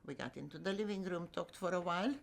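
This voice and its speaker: A woman's voice: fairly low pitch, quick pace, creaky. An older woman telling her own life story in a vivid, emotional way with flashes of wry humor. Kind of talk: personal storytelling.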